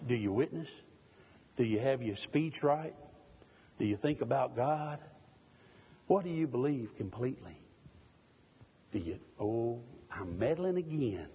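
A man's voice: mid-range voice, a little mellow, slightly rough, in a large hall. A middle-aged man from Mississippi, preaching a sermon in a church. He keeps putting pointed questions to the congregation and jokes at his own expense. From Mississippi, USA.

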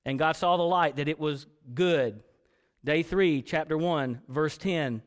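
A man's voice: fairly high pitch, unhurried, smooth. A man preaching a sermon to a congregation, reading scripture and building to emphatic points. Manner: preaching with rising emphatic passages. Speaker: pastor. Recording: long hall reverb.

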